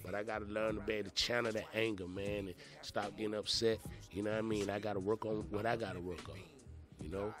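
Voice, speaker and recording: A man hosting a podcast, telling a story in a rambling, profane, animated way, full of "you know what I'm saying" fillers. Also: fairly low pitch, fast, over music. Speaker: podcast host. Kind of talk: casual storytelling monologue.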